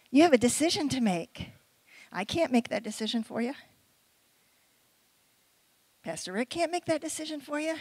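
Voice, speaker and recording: A middle-aged woman preaching a sermon in a conversational way, with quick asides and questions to the audience. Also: sits high, expressive, darkish tone, husky, dry recording, rough recording.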